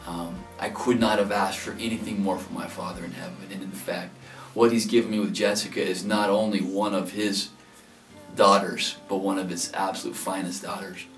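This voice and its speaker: A man in his thirties earnestly telling how he proposed, getting animated as he relives his nerves. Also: low-pitched, moderate pace. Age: 30s. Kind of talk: heartfelt interview recollection. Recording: echoey room, distant mic, soft music behind.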